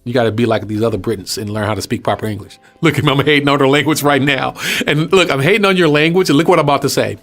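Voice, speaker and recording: A man's voice: mid-range voice, very fast. Male host, mid-range voice, casual preaching with a light music bed. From Texas. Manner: animated, conversational preaching with rhetorical questions. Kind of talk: casual spoken teaching.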